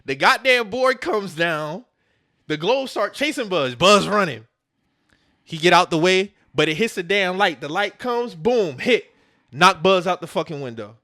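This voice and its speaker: A man co-hosts a casual podcast, retelling film scenes with loose, profane energy and acting out the lines himself. His voice sits a bit high and sounds bright and forward. The sound is close and dry. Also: unhurried, dry recording. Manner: animated, profane, acts out characters' lines. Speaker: podcast co-host.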